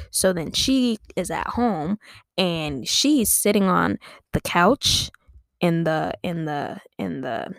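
A woman's voice: fairly low pitch, lively intonation, takes it slowly, gravelly, no echo, studio quality. A woman comedian podcasting, making up a silly story in a rambling, giggly, self-amused way. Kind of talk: improvised comic storytelling.

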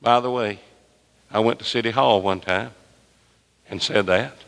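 A pastor preaching a sermon to his congregation. His voice rises and drops sharply in pitch and volume as he presses his points. The sound carries the long reverb of a large church sanctuary. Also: steady tone, unhurried, gravelly, a bit bright. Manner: emphatic preaching with wide swings in pitch and volume.

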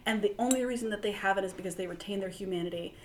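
A woman co-hosting a podcast, animated in casual chat, often bursting into laughter. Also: medium pitch, racing, slight background noise. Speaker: podcast co-host.

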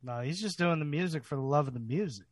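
A man co-hosting a podcast, joking in casual banter with quick agreeing asides. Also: fairly high pitch, dry recording. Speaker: podcast co-host.

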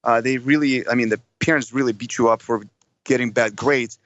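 A man's voice: medium pitch, fairly even intonation, brisk, a bit bright, dull audio. A man in his thirties from Russia with a Russian accent, a podcast guest talking eagerly and rambling with many restarts, calling in from an airport. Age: 30s. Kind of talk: casual interview. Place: airport, background noise.

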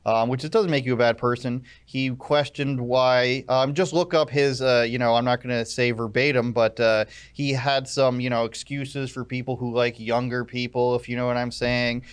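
A man hosts a live talk show from a studio, his voice smooth and clear with a middling pitch. He ribs his co-host and the viewers in a dry, teasing manner and breaks into laughter easily. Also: steady tone. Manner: teasing, wry, quick to laugh. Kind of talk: casual live-show banter.

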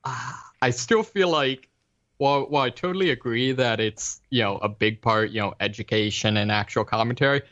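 A man's voice: medium pitch, moderate pace, a bit bright. Man, casual chat, rambling, lots of fillers, slightly dull lo-fi sound. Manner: rambling, many fillers and restarts.

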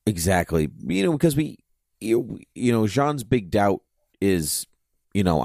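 A man with a very low, deep voice co-hosting a podcast in a loose, casual chat. He rambles through his thoughts and fills his sentences with "you know". The sound is dry and close, with no room echo. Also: sing-song, measured pace, vocal fry, darkish tone. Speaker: podcast co-host.

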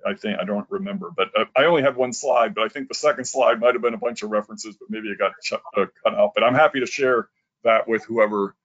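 A man giving practical advice on a webinar, speaking hesitantly with many pauses and restarts. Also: lowish voice, a bit bright. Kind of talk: webinar talk. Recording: lo-fi online call audio.

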